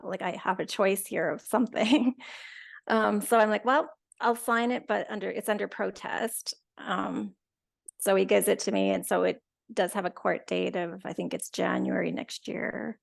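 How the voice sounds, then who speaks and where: A woman, a guest, retelling a personal story in a chatty, animated way with lots of quoted dialogue. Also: medium pitch, moderate pace, gravelly. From Canada. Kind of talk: casual storytelling.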